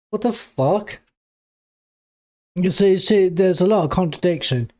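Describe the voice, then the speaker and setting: A man comments on a clip with indignation, cursing freely as he goes. His voice sits somewhat high yet sounds soft and mellow rather than bright. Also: expressive, unhurried, pauses often, no echo. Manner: indignant, swears heavily. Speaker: reaction channel host. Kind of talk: reaction commentary.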